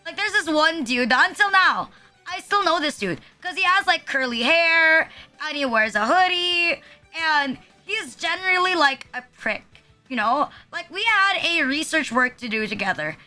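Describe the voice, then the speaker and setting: A young woman with a very high, bright voice rants to her stream in casual chat, leaning on "like" at every turn and swearing freely. Her speech is quick to restart and loose. Soft music plays under her voice. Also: lively intonation. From Philippines. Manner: ranting, heavy use of "like", profane. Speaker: VTuber streamer. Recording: music playing behind.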